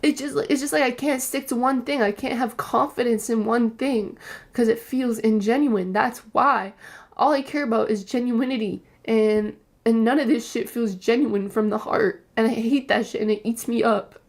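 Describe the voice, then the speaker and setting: A woman's voice: fairly high pitch, fairly even intonation, normal speed. A young woman streamer venting to her chat, frustrated, swearing and rambling.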